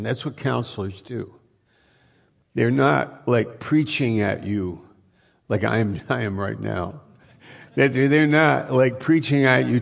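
A man's voice: medium pitch, vocal fry. A man preaching a sermon in a conversational way, full of restarts and rhetorical questions.

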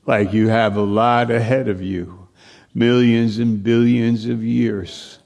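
Slow, earnest male preacher. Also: flat delivery, creaky. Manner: slow, earnest preaching with long pauses, sinking to a hushed low voice; repeats phrases for emphasis, with occasional restarts. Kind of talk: sermon.

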